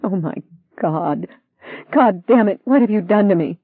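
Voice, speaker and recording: Reader putting on a young woman lawyer, higher voice, shouty and heated. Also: expressive, unhurried, husky, no echo. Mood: hysterical. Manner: pitched higher, shouts and pleads. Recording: dry tinny phone-like sound.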